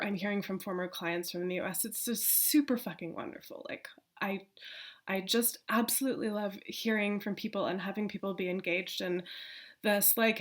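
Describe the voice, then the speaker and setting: A woman chats to her camera in a room of her apartment. Her voice sits at an ordinary middle pitch. She talks loosely, laughs often and swears without a second thought. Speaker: vlogger. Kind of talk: casual chat to camera.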